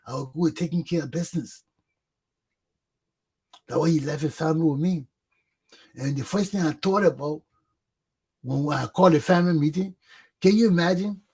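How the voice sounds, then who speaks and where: A middle-aged man tells a story on his own talk show. His voice is husky and sits a bit high. He talks casually and lively, and he bursts into shouted quotes as he acts out the scenes. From Liberia.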